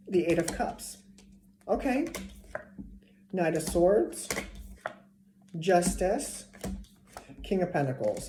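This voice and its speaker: A woman giving a casual tarot reading to a zodiac sign, chatty and repeating herself, sometimes dropping to a whisper. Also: on the low side. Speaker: tarot reader. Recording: echoey room with faint noise.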